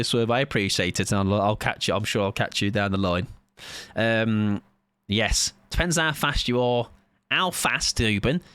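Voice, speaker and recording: A British man in his thirties chats loosely through a gaming stream, joking and rambling between rounds. His voice swings widely in pitch as he talks. The sound is close and dry. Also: fairly bright tone, no room sound. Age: 30s. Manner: chatty, joking, rambling with fillers. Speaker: game streamer. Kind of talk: casual chat while gaming.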